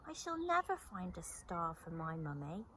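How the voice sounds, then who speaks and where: A woman's voice: lowish voice, big pitch swings, moderate pace, sharp tone, slight background noise. A woman voicing a small, eager young male bear cub in a children's story, earnest and childlike.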